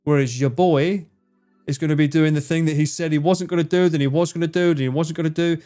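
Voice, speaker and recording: Casual male streamer, a touch high-pitched, loose, sweary banter with chat. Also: fairly even intonation, fast, mellow, smooth, soft background music. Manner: chatty, swears freely, teasing banter. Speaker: livestreamer. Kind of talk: casual livestream chat, reading chat.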